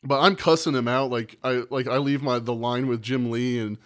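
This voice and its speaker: A man's voice: mid-range voice, steady tone, normal speed, a bit bright. A man co-hosting a podcast, telling a long, rambling, profane story in casual chat and acting out the quotes. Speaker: podcast co-host.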